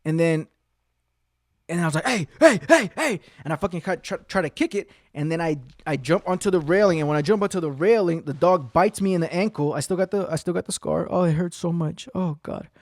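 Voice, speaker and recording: His voice is a little high and darkish in tone, and he talks a little fast in a dry, studio-quality recording. The man hosts his own podcast, casually telling a rambling story thick with profanity while acting out what others said.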